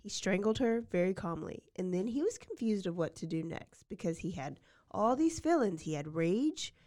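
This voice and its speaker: A woman co-hosting a podcast, casually telling a true-crime case in slangy, animated talk. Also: mid-range voice, moderate pace. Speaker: podcast co-host.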